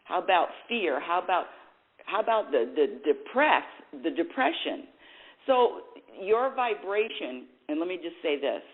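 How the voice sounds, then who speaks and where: A woman with a lowish, very animated, unhurried voice hosts a spiritual talk show on the radio. She rambles, corrects herself, and laughs at her own slips, all through tinny, phone-like sound.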